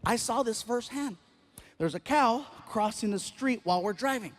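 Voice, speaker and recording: A man doing stand-up before a live audience, telling an animated story and acting out the scenes. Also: very high-pitched, moderate pace. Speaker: stand-up comedian. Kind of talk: stand-up routine.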